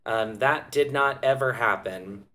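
Measured, explanatory male podcast host. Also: mid-range voice, sharp tone. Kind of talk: casual podcast chat.

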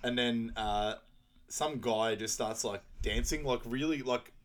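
A man's voice: medium pitch, a little slow. Aussie guy on a movie podcast, chatty, keeps laughing while he retells scenes. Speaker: podcast co-host. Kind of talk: casual movie recap chat.

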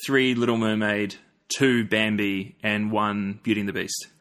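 A man's voice: fairly low pitch, fairly even intonation, measured pace, a bit bright. A man with a New Zealand accent, a podcast guest chatting casually with many fillers, restarts and easy laughter. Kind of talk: casual chat.

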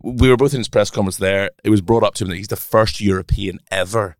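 A man's voice: on the low side, fast talker, dry recording, clean studio sound. A man co-hosting a sports podcast, chatting in a teasing, jokey way. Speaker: podcast co-host, sports reporter. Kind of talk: casual podcast chat.

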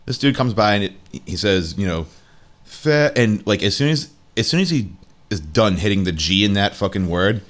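A young man running a tabletop game for friends, telling it in a crude, animated way. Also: lowish voice, brisk. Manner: crude, animated storytelling with sudden voice jumps. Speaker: game master.

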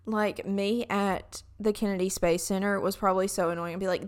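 A woman's voice: medium pitch, fairly quick, hardly any pauses. A young woman with a Southern US accent, chatting casually in a vlog and telling stories with lots of fillers.

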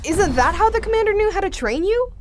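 A woman's voice: extremely high pitch, expressive, a little fast. A woman voicing a kind, helpful young heroine who keeps offering to help. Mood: encouraging. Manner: earnest, encouraging. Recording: noisy background.

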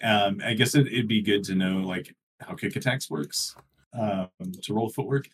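A man's voice: lowish voice, normal speed, slight background noise. A man co-hosting a casual gaming podcast, explaining things at length with many fillers. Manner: explanatory, many ums and likes, laughs easily. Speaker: podcast co-host.

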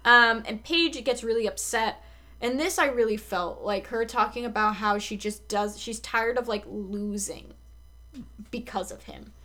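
Young adult woman, slightly high voice, casual recap podcaster, swears freely. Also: unhurried, pushed and bright. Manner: frequent swearing and filler words. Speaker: podcast co-host. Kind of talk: casual episode recap chat.

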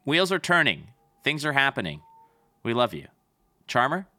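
Bright-voiced chatty podcast host. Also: male voice, mid-range voice, wildly swooping pitch, moderate pace, dry recording. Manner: chatty and joking, winding down the episode. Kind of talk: casual podcast chat.

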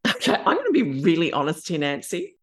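A deep-voiced Australian woman in her fifties talks briskly with huge swings in pitch. Appearing as a podcast guest, she tells her story candidly and acts out her inner voices.

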